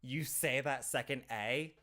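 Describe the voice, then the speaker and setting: A man from southern Ohio, USA, with a Midwestern American accent chats casually on a live stream, rambling and laughing often as he answers viewers. His voice sits in the mid range with a fairly bright tone.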